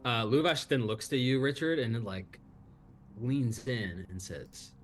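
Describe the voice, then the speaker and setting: A man running a tabletop game, narrating scenes in a relaxed, halting way with plenty of fillers. His voice sits in an ordinary middle pitch. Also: a little hiss or hum. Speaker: game master.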